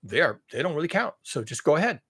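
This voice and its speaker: A climate commentary channel host with a slightly high, very animated, fast, somewhat bright and slightly rough voice launches into an angry, profane rant. He piles up repetitive lines as he builds and mocks others in sarcastic voices.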